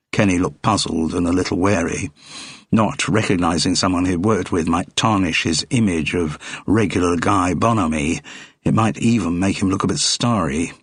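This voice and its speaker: Here a male narrator with a deep, husky voice delivers scripted audiobook narration at an ordinary pace. The studio recording is clean, with no echo.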